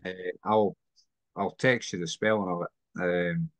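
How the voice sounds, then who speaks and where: A man's voice: low voice, fairly even intonation, measured pace, fairly bright tone, no room sound. A man from Scotland with a Scottish accent, easygoing and agreeable in a casual chat. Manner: easygoing, agreeable, short replies.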